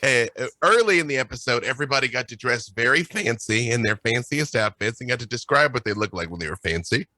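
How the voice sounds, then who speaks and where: A playful man tells stories in quick, animated bursts, laughing as he goes. His tone is bright and forward. The sound is dry and close to the mic. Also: mid-range voice, no echo. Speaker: guest game master. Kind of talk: casual chat, animated storytelling.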